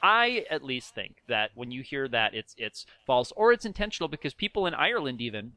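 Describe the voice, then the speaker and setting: A man's voice: mid-range voice, sing-song, a little fast, sharp tone, dry recording. A man from the American Midwest who lives abroad, co-hosting a casual podcast chat and slipping into quoted voices. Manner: chatty, mimics people in quoted voices. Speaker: podcast co-host living in Ireland.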